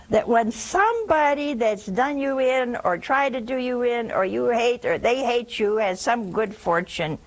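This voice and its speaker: A woman delivers a broadcast sermon in an unhurried, slightly breathy voice. Her pitch rises and falls widely as she tells folksy, teasing stories to her listeners. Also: rough recording. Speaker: preacher.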